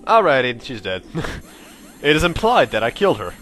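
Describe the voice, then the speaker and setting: A man's voice: mid-range voice, big pitch swings, normal speed, fairly bright tone, soft background music. A young man giving casual, rambling commentary over his video game playthrough, joking around and swearing now and then. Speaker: let's play gamer.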